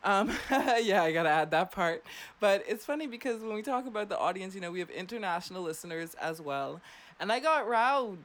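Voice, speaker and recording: A woman's voice: mid-range voice, lively intonation, a little fast, fairly bright tone. A young woman hosting a late-night radio show from a studio, chatty and teasing, laughing often. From Bahamas.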